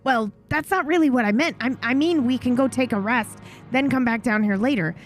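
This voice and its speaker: A woman's voice: fairly high pitch, a little fast, faint music behind, voice pushed up, lightly acted. A woman voicing a scrappy, brash male goblin companion who talks bluntly and swears casually. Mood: urging.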